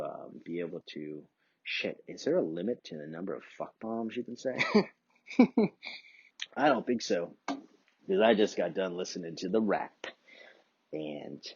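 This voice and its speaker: A deep, gravelly man with a husky edge rambles through a casual, foul-mouthed podcast monologue, chuckling as he drifts from one tangent to the next. The sound is dry and close, with a dull, lo-fi home-recording quality. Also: darkish tone, no echo. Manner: profane, rambling, chuckling often. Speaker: podcast host.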